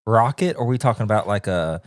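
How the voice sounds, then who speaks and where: A man's voice: fairly low pitch, lively intonation, fast talker, dry recording, clean studio sound. Laid-back teasing podcast co-host man. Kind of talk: casual chat.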